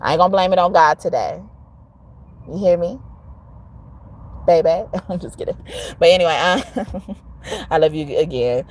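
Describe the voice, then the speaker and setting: Low-voiced, blunt woman tarot reader. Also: normal speed, long pauses, darkish tone. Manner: emphatic, blunt, cusses a lot. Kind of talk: casual tarot vlog talk.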